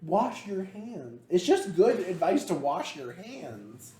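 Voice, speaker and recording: A man's voice: high voice, very animated, slow, warm tone, echoey room, a little hiss or hum. A young man co-hosting a podcast, telling a story in a rambling, exasperated way with many fillers. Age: young adult. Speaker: podcast co-host. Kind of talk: casual storytelling chat.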